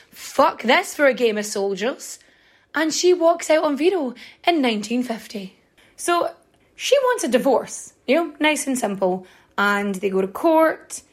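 A woman hosting a podcast, telling a history story in a casual, sarcastic and sweary way with lots of chatty filler words. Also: fairly high pitch. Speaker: podcast host.

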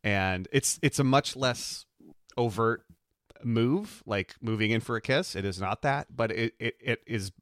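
A man's voice: medium pitch, a little slow, fairly bright tone, dry recording, studio quality. A man co-hosting a podcast in casual chat, talking things through with enthusiasm and care. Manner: enthusiastic, analytical. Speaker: podcast co-host.

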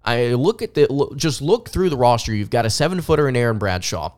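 Young male sports podcaster, mild Southern accent, smooth resonant tone, mid pitch, eager off-the-cuff delivery. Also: animated, brisk, darkish tone. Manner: enthusiastic, repeats words when restarting. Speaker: podcast host.

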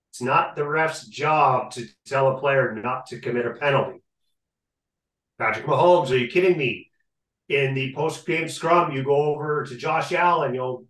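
A man co-hosting a sports podcast who rants with animated energy, often leaning on a catchphrase and sometimes shouting. His voice sits a little high, and it comes through an echoey room from a distance away from the mic. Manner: animated, ranting, repeats catchphrase. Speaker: podcast co-host. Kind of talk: casual sports talk rant.

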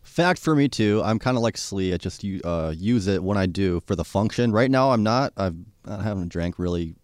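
Low-voiced man, mumbling off-mic. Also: lively intonation, normal speed, no room sound, clean studio sound. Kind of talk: casual studio chat.

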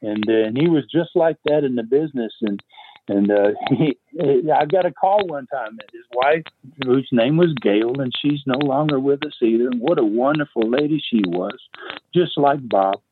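Over a tinny phone line, an older man, a veteran wrestling promoter, tells stories from the wrestling era as an interview guest. His mid-range voice is expressive and at normal speed, and he rambles with many fillers and chuckles against slight background noise.

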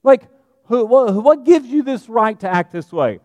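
A man's voice: very high-pitched, animated, measured pace, darkish tone, dry recording, long reverb tail, dull audio, pitched above the performer's own voice. A man preaching who quotes God questioning and rebuking an angry man.

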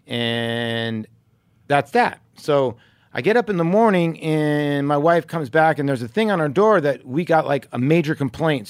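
A man's voice: mid-range voice, clean tone, no room sound, clean studio sound. A man telling a long story on a podcast, jumping into the voices of the people he quotes, with plenty of ums. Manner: animated, acts out quoted voices, many ums. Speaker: podcast co-host, former baseball player. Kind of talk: casual storytelling.

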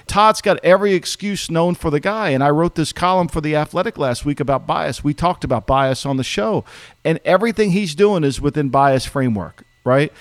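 A man's voice: a little high, no room sound. A middle-aged man co-hosting a sports podcast, arguing bluntly and emphatically and cursing freely. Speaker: podcast host, former football executive. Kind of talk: casual sports podcast chat.

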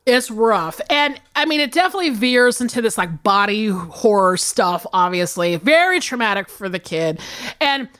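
A woman co-hosting a podcast, recapping a film in casual, animated chat with plenty of swearing. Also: medium pitch, moderate pace. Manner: animated, swearing, big laughs. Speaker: podcast co-host.

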